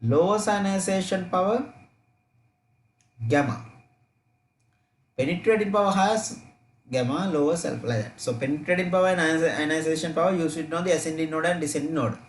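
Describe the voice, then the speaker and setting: A man's voice: fairly high pitch, fairly quick, pauses often. A man teaching an online chemistry revision class, repeating key points and checking students' answers aloud.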